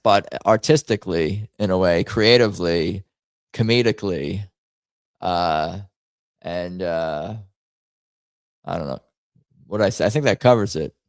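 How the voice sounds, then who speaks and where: Guy hosting a stream, kinda deep voice, rambly, thinks out loud, jokey. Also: dry recording. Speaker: livestream host. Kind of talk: casual chat reacting to memes and viewer comments.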